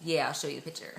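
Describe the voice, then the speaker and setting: A young woman chatting excitedly in a casual vlog, acting out the lines of the people she quotes. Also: sits low, creaky, reverberant. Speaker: vlogger. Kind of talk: casual pregnancy update vlog.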